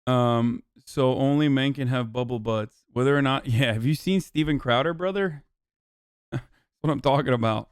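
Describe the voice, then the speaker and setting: Profane sarcastic guy on a stream, smooth clear voice, dry close mic, talks back to chat. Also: mid-range voice, normal speed, no echo. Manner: profane, sarcastic, mocks chat with mock outrage. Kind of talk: live stream reaction and chat banter.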